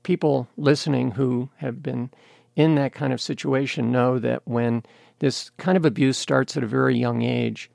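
An older man from the United States speaks as an interview guest, with a gravelly, creaky edge to his mid-pitched voice. He tells his story candidly and steadily, recorded close and dry. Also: fairly even intonation, normal speed, darkish tone, no room sound. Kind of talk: interview conversation.

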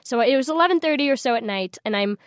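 A young woman telling a story in a radio interview, bubbly and quick to laugh. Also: high voice, dry recording, clean studio sound. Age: young adult. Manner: bubbly, laughing, animated retelling. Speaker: interview guest, scholarship winner.

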